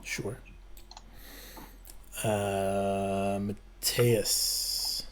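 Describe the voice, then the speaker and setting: A man's voice: fairly low pitch, level tone, drawn-out words. A man acting as game master in a tabletop game, giving patient, matter-of-fact rulings.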